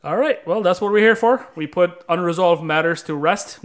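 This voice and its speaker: A man's voice: a little high, fairly even intonation, brisk, hardly any pauses, fairly bright tone, smooth. A man hosting a casual podcast, upbeat and chatty, closing out the episode with sign-off lines. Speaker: podcast host.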